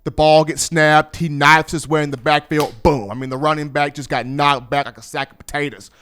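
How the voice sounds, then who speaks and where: A man hosting a sports talk show, talking in an animated, playful storytelling manner. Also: a little high, a little fast, clean tone. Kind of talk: energetic sports talk commentary.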